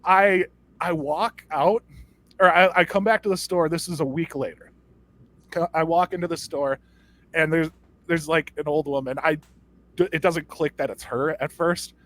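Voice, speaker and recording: A man's voice: fairly high pitch, normal speed, fairly bright tone. A young man on a comedy podcast telling a rambling, stammering story and mimicking the people in it. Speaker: podcast co-host.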